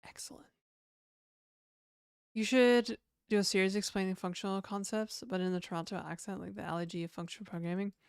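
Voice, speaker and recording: A woman's voice: mid-range voice, steady tone, brisk, clear, resonant tone, no echo, clean studio sound. A woman streaming her game development, chatting loosely with viewers and rambling between reactions. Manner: rambling, chatty, swears casually, reacts to chat. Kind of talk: casual livestream chat.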